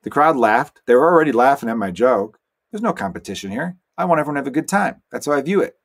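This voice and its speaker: A man who is a stand-up comedian, hosting his own solo podcast and telling stories in a rambling, animated way with quick asides. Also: medium pitch, gravelly. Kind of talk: casual solo podcast monologue.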